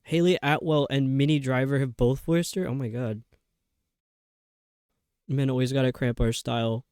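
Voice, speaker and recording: A woman's voice: very deep voice, fairly even intonation, moderate pace, darkish tone, clear, resonant tone, no echo, studio quality. A woman streamer chatting casually over a video game, rambling and poking fun at herself. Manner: chatty, rambling, self-mocking. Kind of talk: casual livestream commentary.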